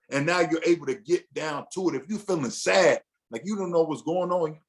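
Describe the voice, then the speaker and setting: A man with a fairly high voice leads a men's group through a lesson in an easygoing, conversational way. He talks loosely, restarts sentences often, and acts out the inner thoughts a husband might have. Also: a little fast, hardly any pauses. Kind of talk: casual teaching session.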